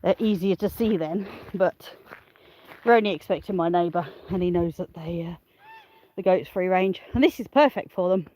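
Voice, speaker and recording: A woman's voice: lowish voice, normal speed, warm tone, poor audio. A woman chatting cheerfully to the camera as she walks her farm, laughing often and talking to her animals and viewers. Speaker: smallholding farmer and vlogger. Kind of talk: chatty outdoor farm vlog. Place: outdoors on a farm.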